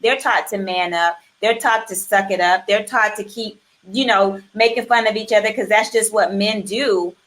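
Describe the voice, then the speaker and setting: A woman in her forties who hosts a talk show and tells animated stories, acting out the voices she quotes. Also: mid-range voice, moderate pace, hardly any pauses. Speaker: host. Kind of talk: casual conversation.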